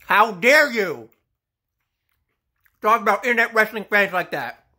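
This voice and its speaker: A man's voice: high-pitched, animated, measured pace, bright, forceful tone. A man delivering an angry, profane, sarcastic rant as a wrestling fan vlogger, coughing now and then. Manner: sarcastic, mocking, swears a lot; coughs between phrases.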